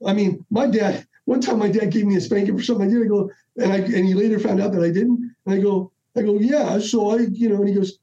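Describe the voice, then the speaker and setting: A middle-aged man tells his stories on a podcast with a high, mellow voice. He acts out each exchange with restarts and asides, and the audio is dull and lo-fi. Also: quick pace, hardly any pauses. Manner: animated, acts out dialogue with restarts. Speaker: podcast guest. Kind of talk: casual storytelling.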